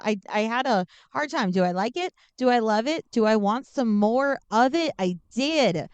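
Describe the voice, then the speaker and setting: A woman's voice: medium pitch, smooth, no room sound. A woman podcast co-host recapping a movie plot in a casual, joking, sarcastic way. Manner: joking, sarcastic, animated storytelling.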